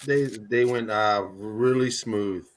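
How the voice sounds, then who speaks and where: A man's voice: lowish voice, fairly even intonation, takes it slowly. A man on a video call giving short, easygoing replies in a casual chat. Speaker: guest.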